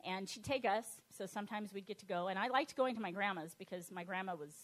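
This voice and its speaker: A woman, middle-aged, telling her personal testimony in a lively, animated way, laughing often and acting out the voices she quotes. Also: mid-range voice, fast talker.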